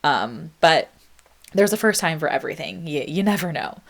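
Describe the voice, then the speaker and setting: A young woman with a low-pitched voice talks through a solo podcast episode. She is reflective and chatty, full of ums and likes, and she reads out her old song lyrics as she goes. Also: lively intonation, normal speed, gravelly. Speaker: podcast host. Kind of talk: casual solo podcast monologue.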